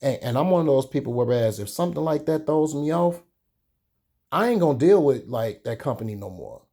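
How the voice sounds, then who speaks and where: Young man, candid chatty storyteller, mellow warm tone, casual vlog. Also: on the high side, animated. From Chicago. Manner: candid, chatty, drawn-out pauses. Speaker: sneaker vlogger.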